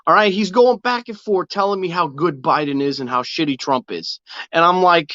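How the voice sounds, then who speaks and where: Brash, profane New man, high voice. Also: moderate pace, bright, forceful tone, dry recording. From New York City. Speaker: podcast co-host. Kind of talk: casual podcast banter. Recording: dull lo-fi dry sound.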